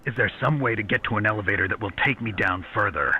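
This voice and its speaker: An actor voicing a grizzled male soldier in video game clips, speaking in terse, grim lines with a gravelly voice. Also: fairly low pitch, fast, sharp tone.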